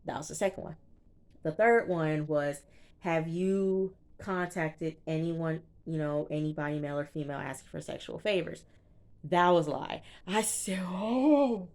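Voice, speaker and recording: A young woman with a low voice chats through a reality show recap. She retells each scene in a loose, animated way and acts out what the people said. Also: moderate pace. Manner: chatty, animated retelling with quoted reactions. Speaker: TV show reviewer. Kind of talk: casual recap commentary.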